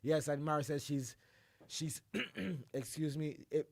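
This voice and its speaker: A man hosting a radio show, his voice hoarse from the flu, loudly calling out greetings and shout-outs and then settling into quieter chat. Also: a little high, steady tone, unhurried, no room sound. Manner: exuberant, shouts greetings, drops into a quieter voice between. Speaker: radio host.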